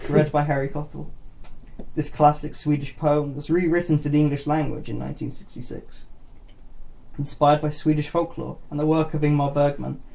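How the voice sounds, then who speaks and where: Podcast host, male, reads short writing, raised pitch, gravelly, mellow tone. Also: little pitch movement, moderate pace. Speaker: podcast host reading stories. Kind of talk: reading short pieces aloud on a podcast.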